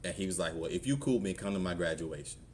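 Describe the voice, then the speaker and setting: A middle-aged Southern US pastor preaches a testimony sermon in church, relating his own story in a conversational way and acting out its voices. His voice is low and darkish, animated and quick, with slight background noise.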